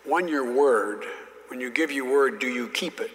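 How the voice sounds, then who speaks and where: An older man, a former senator, telling an anecdote in a halting, emphatic way, full of restarts. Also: mid-range voice, long reverb tail, poor audio. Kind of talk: anecdotal talk.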